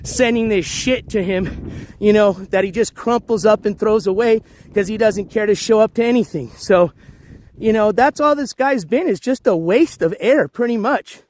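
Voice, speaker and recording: A man's voice: high voice, normal speed, a little mellow, a little hiss or hum. A man vlogging live outdoors while walking his dogs by the water, talking in a blunt, profane, rambling way full of fillers. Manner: blunt and profane, lots of "you know" fillers. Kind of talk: casual rambling live-stream chat.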